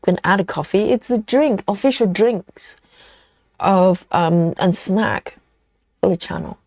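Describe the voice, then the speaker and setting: A woman's voice: mid-range voice, slow, creaky, darkish tone, dry recording, clean studio sound. A woman hosting a casual live stream, chatting and reading viewer comments aloud as she goes.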